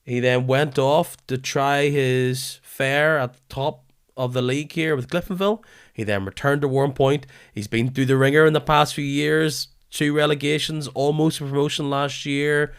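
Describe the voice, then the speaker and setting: Weary-voiced podcast host. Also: male voice, medium pitch, fairly even intonation, clean tone. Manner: enthusiastic, with halting restarts. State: weary voice from a lingering illness. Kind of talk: casual football podcast chat.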